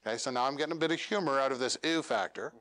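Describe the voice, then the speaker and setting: A man coaching a meetup audience on pitches, animated and demonstrating lines with dramatic pauses. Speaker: speaker coaching elevator pitches. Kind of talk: workshop coaching talk. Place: meetup room.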